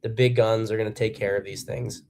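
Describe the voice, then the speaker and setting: A man's voice: on the low side, little pitch movement, brisk, dark tone, slight background noise. Blunt, profane male commentator. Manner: blunt and profane, with emphatic bursts; acts out quotes in a harsh voice. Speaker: political commentary host. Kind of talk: solo political commentary.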